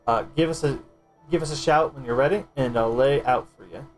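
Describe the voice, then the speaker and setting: A man voicing a gruff, folksy male guildmaster, reading quest lines aloud in an old-fashioned dialect full of ye and lass. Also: medium pitch, soft background music, natural voice, low-quality recording. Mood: hearty. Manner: reading quest text aloud, a bit halting.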